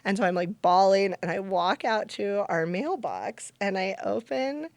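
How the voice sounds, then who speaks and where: Middle-aged woman guest, lively storyteller, mid-pitched with some vocal fry. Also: measured pace, no room sound. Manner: animated, acts out quotes with big pitch jumps. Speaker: nonprofit founder and guest. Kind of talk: conversational storytelling.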